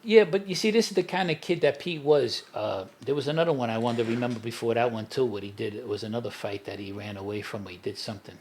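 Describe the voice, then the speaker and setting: A man's voice: medium pitch, quick pace, few pauses, darkish tone, slight background noise. Street-wise man telling old stories. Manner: street-wise storyteller, laughs at his own anecdotes. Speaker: podcast guest. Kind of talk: storytelling in a casual interview.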